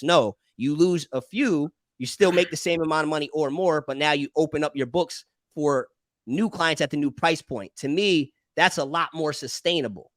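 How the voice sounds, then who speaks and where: A man's voice: fairly high pitch, normal speed, a bit bright, no room sound, studio quality. A man hosting a casual business debate, explaining step by step with frequent restarts. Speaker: podcast host and barber.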